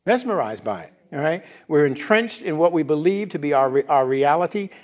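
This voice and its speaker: In a church sanctuary, a middle-aged man with a fairly high pitch preaches fairly quickly in a casual, animated, conversational style, regularly asking the congregation if they're following.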